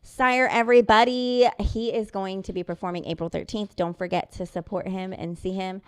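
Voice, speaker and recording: A woman's voice: fairly low pitch, fairly even intonation, fairly quick, mellow. Playful, joking woman podcast host. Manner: playful, joking, self-deprecating. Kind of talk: casual interview chat.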